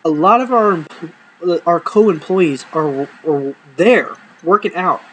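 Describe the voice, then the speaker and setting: A man casually telling profane, animated stories from his life to camera, acting out the people in them. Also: fairly high pitch, takes it slowly, a little hiss or hum, rough recording.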